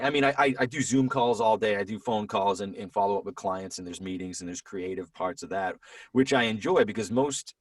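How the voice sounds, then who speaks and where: A man in his thirties with a lowish voice, a voiceover actor appearing as a podcast guest. He chats casually, rambling and often restarting his sentences. The recording is dry and he sits a bit far from the mic.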